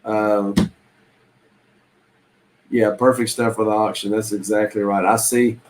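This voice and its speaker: A man's voice: fairly low pitch, level tone, a little slow, a little hiss or hum, low-quality recording. A man chatting casually on a live stream about reselling, rambling in a folksy way with lots of ums and restarts. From Southern United States.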